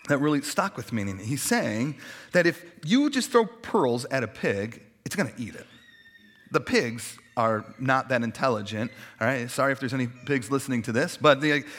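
A man's voice: a little high, a bit bright. A man pastor preaching a sermon in a conversational way, stacking repeated phrases for emphasis and dropping in casual asides.

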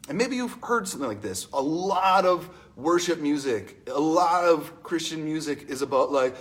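A man preaching a conversational sermon in an animated, storytelling way, asking the congregation questions. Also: on the high side, moderate pace.

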